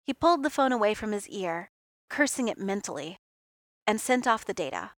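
Lively woman reading a story, dry sound. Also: mid-range voice, normal speed, dry recording. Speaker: reader. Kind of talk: reading fan fiction aloud.

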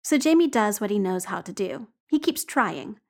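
A woman's voice: mid-range voice, expressive, moderate pace, darkish tone. A woman reading a story aloud with wry, conversational narration. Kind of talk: expressive audiobook narration.

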